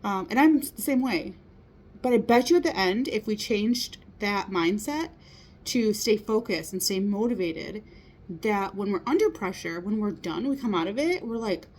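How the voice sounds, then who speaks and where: An expressive woman in her thirties, medium-pitched with a darkish tone and moderate pace, offers a casual motivational talk. She sounds earnest and supportive, often checking on her listeners with rhetorical "right?" asides.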